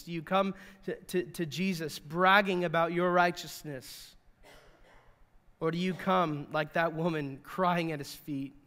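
A high-voiced man preaches from the pulpit in an animated, conversational way, often stumbling and restarting as he goes. His voice carries a long reverb, as if he is in a large church sanctuary. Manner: animated, repeats and restarts words, acts out quotes. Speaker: pastor. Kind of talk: sermon.

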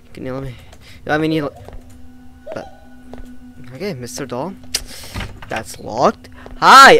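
A man giving casual, excitable let's-play commentary on a horror game, swearing, jumpy and talking back to the characters. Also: fairly high pitch. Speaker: gamer playing a horror game.

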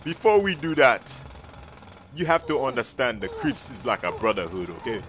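A man's voice: mid-range voice, expressive, normal speed, fairly bright tone, slight background noise, lightly acted. A man voicing a persuasive male gang recruiter in a game story video, pleading earnestly. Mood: commanding. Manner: calls everyone "my brother", earnest pleading.

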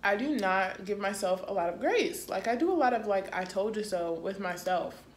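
A young woman talking to her camera in a casual vlog, chatty and self-deprecating, with drawn-out excited exclamations. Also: mid-range voice. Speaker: vlogger. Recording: echoey room with faint background noise.

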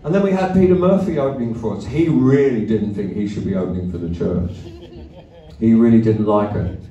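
A musician telling loose, profane, self-mocking stories to a live theatre audience. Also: male voice, lowish voice, brisk, dark tone, lo-fi sound. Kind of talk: rambling stage banter between songs. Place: theatre stage. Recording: live theatre recording, roomy and distant.

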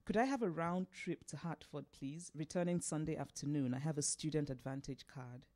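A composed young heroine, read by a woman. She speaks in a measured, precise way, each word placed with care, in a read-aloud story. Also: low-pitched, darkish tone, close to an everyday voice.

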